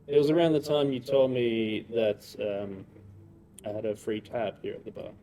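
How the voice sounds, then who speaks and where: A man playing a tabletop game in character, bargaining in a dry, smooth-talking way. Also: lowish voice, steady tone, moderate pace, dark tone, low-quality recording. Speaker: player.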